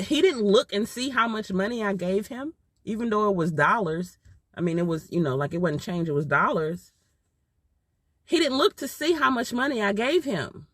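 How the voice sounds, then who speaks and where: A woman's voice: a little high, a bit bright, no echo. A mother telling a personal story in an emotional, heartfelt way, repeating herself for emphasis. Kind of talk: casual storytime.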